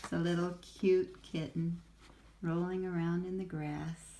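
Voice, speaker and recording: An older woman reading a picture book aloud to a child, gentle and asking the listener questions. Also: fairly low pitch, little pitch movement, unhurried. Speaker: storyteller.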